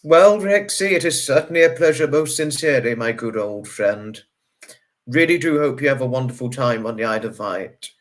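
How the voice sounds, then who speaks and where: A man, hosting a casual livestream and reading out viewer comments in a chatty way, greeting each viewer with sudden high bursts. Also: expressive, moderate pace. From United Kingdom. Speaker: livestream host.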